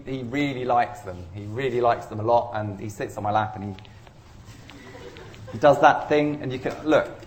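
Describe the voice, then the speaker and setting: Brief: a male lecturer, casual and rambling, dry self-mocking jokes, middle pitch. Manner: chatty, rambling, self-deprecating humour. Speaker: university lecturer. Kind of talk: informal statistics lecture. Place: lecture room.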